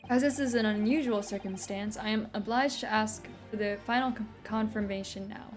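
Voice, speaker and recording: A woman's voice: mid-range voice, normal speed, natural voice. Lady reading a stiff formal judge, commanding, music faint underneath. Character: stern formal male judge.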